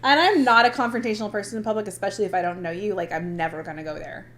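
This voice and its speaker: With a mid-range voice and rapid-fire delivery, this thirtysomething woman co-hosts a podcast in an animated, casual chat. She laughs often and describes herself as passive aggressive.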